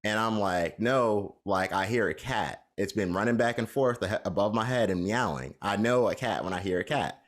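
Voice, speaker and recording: Deep-voiced guy on a podcast just rambling thru a story, lots of da da da. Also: moderate pace, few pauses. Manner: rambling anecdote with fillers like "da, da, da". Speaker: podcast co-host. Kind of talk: casual storytelling chat.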